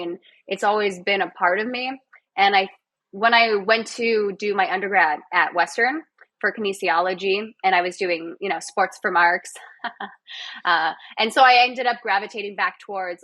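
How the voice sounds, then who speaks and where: A young woman with a Canadian accent talks as a guest on a podcast. Her voice is bright and forceful, and her delivery is chatty and animated, broken up by frequent laughs. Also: mid-range voice, no room sound. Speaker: podcast guest, actor and physiotherapist. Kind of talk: casual podcast interview.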